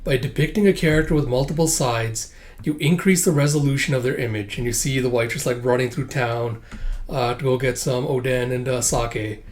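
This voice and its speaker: A man's voice: steady tone, a little fast. A man hosting a manga read-through channel, chatting casually and starting most phrases with "uh". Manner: filler-heavy, starts lines with "uh"; voices characters with big pitch jumps when reading dialogue. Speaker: manga reading channel host.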